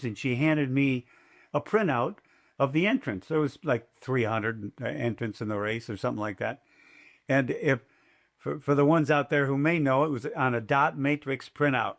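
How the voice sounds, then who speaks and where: An older man, a race announcer, telling a story as a podcast guest in a lively, chatty way. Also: medium pitch, moderate pace. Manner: lively, chatty, fond of quoting himself. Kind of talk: casual storytelling.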